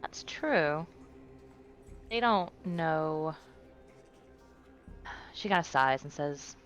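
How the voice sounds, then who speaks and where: A woman's voice: sits low, animated, extremely slow, pauses often, a bit bright, muffled recording, soft background music. A woman playing a tabletop game, describing her character's actions casually. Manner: casual, laughing easily. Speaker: player.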